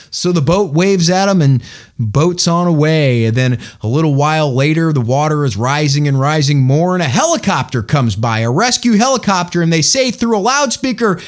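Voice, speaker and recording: A man's voice: a little high, normal speed. A man hosting a religious podcast, talking in an emphatic, folksy storytelling way. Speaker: podcast host.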